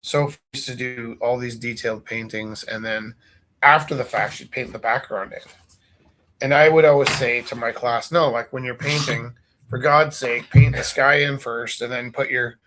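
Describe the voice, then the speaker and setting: A man in his forties who teaches art chats energetically while he paints, joking around and doing impressions of his students. His mid-range voice moves at a moderate pace.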